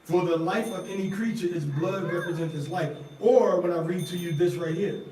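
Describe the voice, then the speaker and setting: A man teaching scripture in a Bible study, slow and deliberate, asking his listeners repeated questions and sounding out Hebrew words one by one. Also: high voice, a little mellow, a little hiss or hum. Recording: roomy sound from a distant mic with faint ambience.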